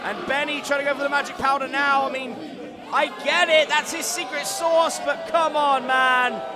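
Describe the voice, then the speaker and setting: A man calling a wrestling match live, excitable and joking, often shouting over the action. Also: extremely high pitch, moderate pace. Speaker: wrestling commentator. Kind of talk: live play-by-play commentary. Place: indoor wrestling venue. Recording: loud live crowd and arena noise.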